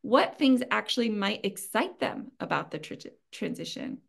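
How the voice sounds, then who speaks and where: A woman's voice: medium pitch, animated, moderate pace, gravelly. A woman presenting at an online training session, giving practical advice in an earnest, conversational way with frequent ums and small laughs. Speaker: webinar presenter.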